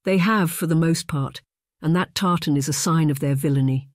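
A narrator voicing a drunken, bitter Scottish laird, gruff and scornful, with a Scottish accent. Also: mid-range voice, normal speed, no room sound, studio quality, natural voice. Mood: angry.

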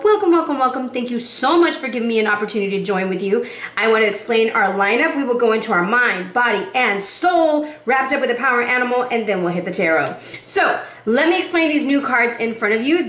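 A woman giving a casual tarot reading to the viewer, chatty and lively, slightly out of breath. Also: fairly high pitch. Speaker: tarot reader. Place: warm indoor room. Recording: roomy echo, faint background noise.

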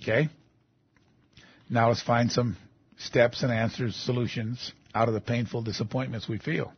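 A man's voice: mid-range voice, level tone, moderate pace, husky, no echo, lo-fi sound. A man preaching a sermon, reading scripture aloud and rising into emphatic outbursts.

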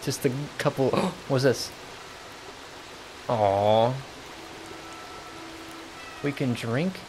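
Excitable male streamer, lively slow delivery. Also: medium pitch, slight background noise. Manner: excitable, gasping and laughing at the game. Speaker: game streamer. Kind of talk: casual live game-stream commentary. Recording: game music under the voice. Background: game music clearly audible.

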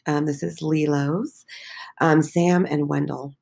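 A woman's voice: deep voice, fairly even intonation, slow pace, gravelly, a little mellow, slightly rough. A woman teacher walking her middle school class through the day's posts, encouraging, with many filler ums. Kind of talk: recorded class walkthrough.

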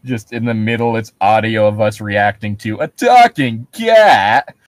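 Male podcast co-host, jokey and quick to laugh; animated pitch, dry close sound. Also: no echo. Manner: jokey, laughs a lot, reads excerpts aloud. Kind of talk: casual podcast chat.

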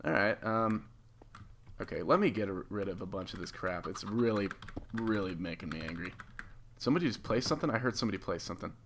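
A man giving casual, excitable commentary over a video game as a YouTube gamer, laughing often and swearing lightly. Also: fairly low pitch, fast talker, slight background noise. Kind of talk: live gameplay commentary.

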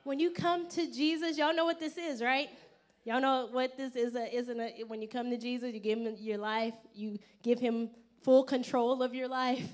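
A woman pastor giving an expressive, conversational sermon at a church service. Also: on the high side, moderate pace.

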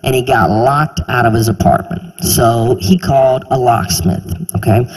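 A stand-up comedian from South Carolina, talking in an animated way and acting out other people's voices. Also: male voice, moderate pace, breathy edge. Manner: animated, puts on voices of others, jumps high in pitch. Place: large theater stage. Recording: live hall reverb, faint ambience.

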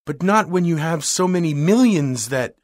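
A man performs a wealthy, bored young woman, lifting his voice above his natural pitch into a fairly high register and acting it lightly. The character speaks in a cool, refined, weary way, expressive and at a moderate pace. The studio recording is clean, with no room sound.

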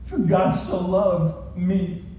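Speaking very slowly with fairly even intonation, this pastor has a mellow voice that sits high. He preaches with passion and calls out to the congregation in call-and-response inside a church hall. The recording is muffled, distant and echoey, with a little hiss or hum.

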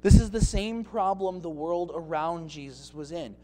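A man's voice: on the high side, normal speed, mellow. A male pastor preaching a sermon expressively, acting out scenes from the text.

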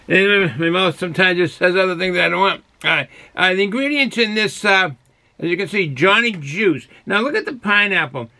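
Chatty, high-voiced man reviewing beer. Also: moderate pace, creaky, bright, forceful tone. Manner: rambling, self-correcting, chatty. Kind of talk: casual solo review.

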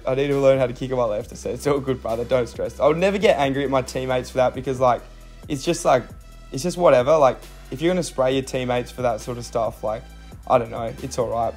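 A young man with an Australian accent talks casually over his own game footage, mixing coaching tips with self-deprecating asides and many fillers. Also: mid-range voice.

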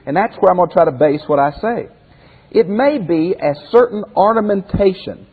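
A man's voice: sits high, husky, long reverb tail, phone-quality sound. A man teaching a Bible commentary lesson as a pastor in a folksy way, asking his listeners rhetorical questions.

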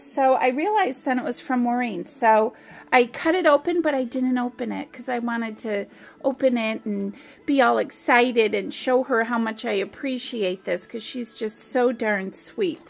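A woman's voice: a little high, gravelly. A woman craft vlogger unboxing a gift package, gushing and exclamatory, with frequent gasps.

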